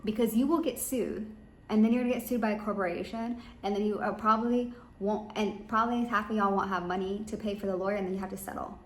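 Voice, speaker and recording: A woman's voice: mid-range voice, steady tone, fast talker. Rambling woman in an echoey room. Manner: rambling, emphatic, talks straight to listeners. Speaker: business coach. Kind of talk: advice monologue. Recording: echoey room with faint ambient noise.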